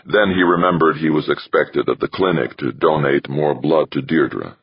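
A man reading a science-fiction novel aloud in steady, measured scripted narration. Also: rumbling low, slightly rough, dry recording, dull audio. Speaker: audiobook narrator.

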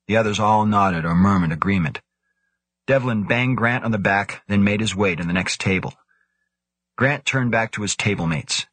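A man narrating an audiobook in a steady, even way. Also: lowish voice, normal speed, breathy edge, no room sound.

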